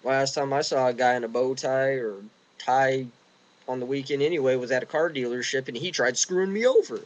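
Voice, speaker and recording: A man's voice: mid-range voice, a little fast, poor audio. A young man ranting casually and indignantly, rambling with restarts, recorded outdoors in the wind. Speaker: vlogger. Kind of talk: casual rant.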